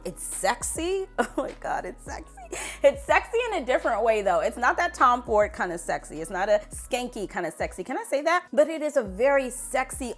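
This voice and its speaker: Animated woman reviewing perfumes. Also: on the high side. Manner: animated, playful, emphatic repetition. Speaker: beauty vlogger. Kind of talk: casual perfume review to camera.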